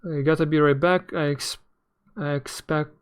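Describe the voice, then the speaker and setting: Brief: young male streamer, fairly high and smooth voice, rambling and halting. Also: fairly even intonation. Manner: rambling, halting, searching for words. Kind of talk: casual live game commentary.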